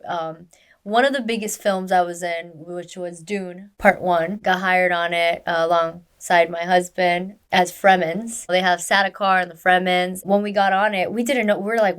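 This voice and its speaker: A woman's voice: on the low side, normal speed, clear, resonant tone. A woman, a stunt performer, telling her story in a casual interview, acting out quoted lines with lots of fillers. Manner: animated, acts out quoted dialogue, many fillers.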